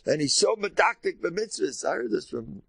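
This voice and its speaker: In a gravelly voice at a moderate pace, an older rabbi teaches Torah informally in American Orthodox Jewish English. He's emphatic and lively, alternating high exclamations with low asides, and the recording has no room sound.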